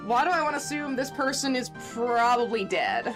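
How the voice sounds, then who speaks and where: Brief: joking woman streamer, fairly high, very animated delivery, soft game music behind. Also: moderate pace, hardly any pauses. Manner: chatty, joking. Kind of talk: casual game commentary.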